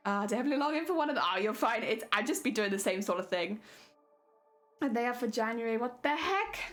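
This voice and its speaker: Chatty British woman streaming crafts. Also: mid-range voice. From Britain. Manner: chatty, laughs often, talks to chat while crafting. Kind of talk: casual live-stream chat with viewers.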